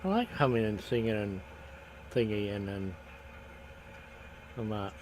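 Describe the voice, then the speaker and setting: A man's voice: lowish voice, expressive, unhurried, noisy background. A Scottish man giving casual live commentary while playing a game, jokey and laughing at his own mistakes, chatting to viewers. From Scotland. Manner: chatty, jokey, laughs at himself, hums along. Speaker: game streamer.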